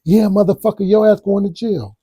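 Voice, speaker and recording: A man's voice: high-pitched, fairly quick, husky, voice pushed up. A man doing a furious, cursing woman. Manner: yelling, cursing. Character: furious young woman threatening jail.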